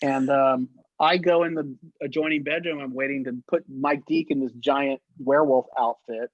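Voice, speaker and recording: Animated, profane man telling stories. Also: medium pitch, moderate pace, no echo, dull audio. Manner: animated, profane, laughing through his stories. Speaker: guest, actor and effects artist. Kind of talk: casual anecdotal storytelling.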